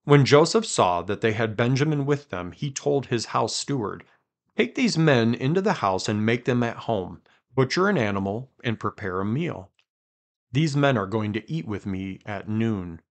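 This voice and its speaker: A man hosting a podcast, reading scripture aloud with quiet dramatic emphasis and chatting between passages. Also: mid-range voice, expressive, normal speed. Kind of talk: conversational Bible reading.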